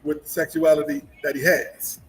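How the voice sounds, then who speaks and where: A man co-hosting a sports talk show, with rambling, halting speech full of repeated words and restarts. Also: fairly high pitch, level tone, faint music behind, low-quality recording. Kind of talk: casual sports chat.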